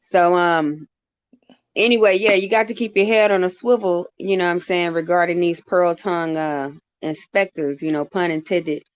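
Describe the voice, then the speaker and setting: A man on a casual stream chat, talking in a halting, rambling way with many restarts and wry jokes. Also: high-pitched, steady tone, clean tone, no room sound, lo-fi sound.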